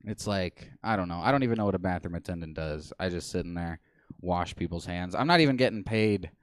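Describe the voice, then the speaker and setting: A man in his twenties doing a deadpan, self-mocking stand-up set on a small comedy stage. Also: low-pitched, fairly quick, dry recording, clean studio sound. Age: 20s.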